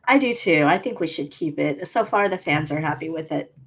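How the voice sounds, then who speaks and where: A woman's voice: sits low, animated, fairly quick, a bit bright, breathy edge. Chatty woman co-hosting a podcast. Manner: chatty, storytelling. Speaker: podcast co-host. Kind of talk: casual podcast chat.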